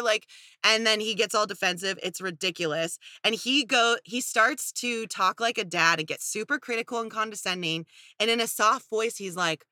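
A woman's voice: medium pitch, moderate pace, sharp tone, no room sound, clean studio sound. A young woman co-hosting a podcast, animatedly and sarcastically recapping a reality show with exasperation. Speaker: podcast co-host.

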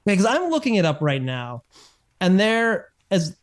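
Chatty man with a bright pitch. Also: huge pitch swings, measured pace. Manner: rambling, self-correcting, chuckles. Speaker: podcast co-host. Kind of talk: casual chat.

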